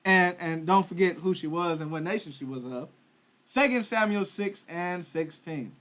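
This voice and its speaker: High-voiced male preacher, streaming a Bible study; reads verses, then paraphrases them in slang. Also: moderate pace, fairly bright tone. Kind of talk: livestreamed Bible teaching. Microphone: livestream microphone.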